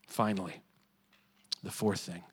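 A man preaching a sermon in a conversational way, sometimes quiet and reflective, sometimes rising to emphatic. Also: deep voice, steady tone, unhurried, husky, low-quality recording. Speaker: pastor.

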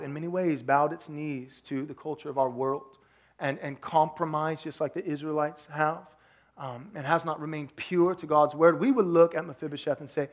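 A man from Texas with a Texan accent, preaching a sermon as pastor, swinging between loud emphasis and soft hushed asides. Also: a little high.

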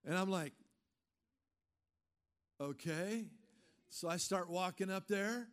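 A man preaching a sermon, firing off emphatic rhetorical questions and then dropping into a low, casual storytelling tone. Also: moderate pace, a bit bright, clean tone. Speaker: pastor.

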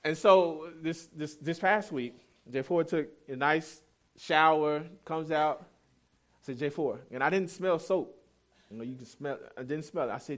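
A man's voice: on the high side, normal speed. Candid storytelling male preacher. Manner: conversational storytelling, candid and self-deprecating. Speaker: pastor. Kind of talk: sermon.

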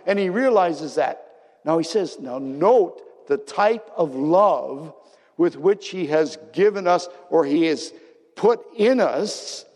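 A man preaching a sermon with great passion, swinging between excited bursts and hushed, low passages. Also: vocal fry. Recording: long reverb of a large hall.

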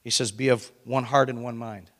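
A male pastor preaching a lively, animated sermon to his congregation. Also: medium pitch, moderate pace. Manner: animated, breaks into excited shouting and laughter. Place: church sanctuary. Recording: long reverb of a hall.

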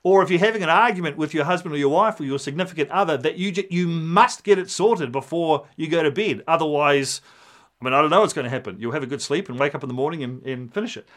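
Speaking fast, a pastor delivers his sermon as an animated story, his somewhat high voice shifting as he acts out each character.

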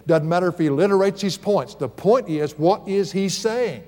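Middle-aged male pastor, sermon delivery, emphatic with folksy humorous asides, a touch high-voiced, church hall reverb. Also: normal speed, darkish tone. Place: church sanctuary.

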